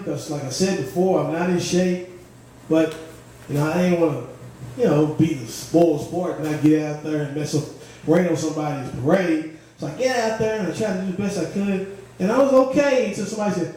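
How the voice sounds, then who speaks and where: A young man does a stand-up set in a comedy club, his fairly high voice mellow and unhurried as he spins stories. He sounds a little sweaty from working the stage. The mic sits far from him, so the room rings with heavy echo. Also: slight background noise. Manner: laid-back storytelling with frequent "man". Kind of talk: stand-up routine.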